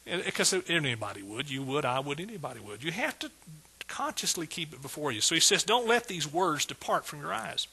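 A man's voice: fairly high pitch, sing-song, fairly quick, gravelly, bright, forceful tone, breathy edge. A middle-aged man preaching a sermon with exuberant energy, repeating phrases and calling out praise. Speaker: pastor.

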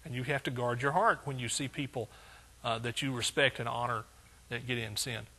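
Gravelly, husky-voiced man preaching a sermon. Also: mid-range voice, steady tone, fairly quick, bright, forceful tone. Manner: conversational, with rhetorical questions to the congregation. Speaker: pastor.

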